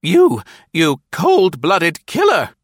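A man doing a shrill, flustered old lady. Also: huge pitch swings, slow pace, dry recording, clean studio sound, heavily acted. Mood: indignant. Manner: gasping, shrill outbursts. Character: old woman, flustered and indignant.

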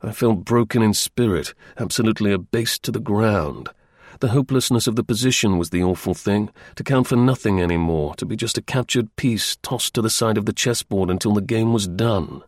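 A man reading a first-person story aloud as an audiobook narrator, in a measured, wry storytelling manner. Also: on the low side, no room sound, clean studio sound.

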